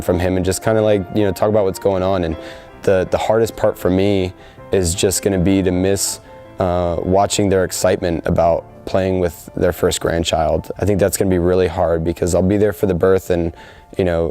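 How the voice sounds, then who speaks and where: A man's voice: deep voice, normal speed, mellow, faint music behind. A young man in his twenties speaking earnestly in a sit-down interview, with frequent fillers. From United States. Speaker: soldier interviewed before deployment.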